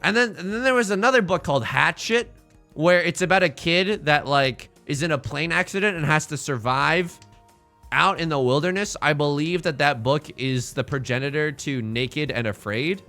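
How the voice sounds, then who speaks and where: A man's voice: a little high, normal speed, faint music behind. A man streaming, chatting casually and jokingly with viewers while playing a game. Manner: rambling, jokey, animated asides.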